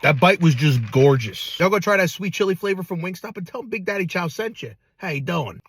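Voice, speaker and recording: A man's voice: high voice, a little fast, breathy edge. A man from New Jersey reviewing food in a casual vlog, hyped and slangy.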